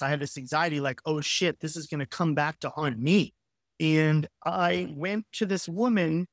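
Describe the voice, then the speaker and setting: A man in his forties, a guest telling a personal story with frank, animated and casually profane talk. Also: high-pitched, no room sound, studio quality. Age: 40s. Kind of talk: candid storytelling in conversation.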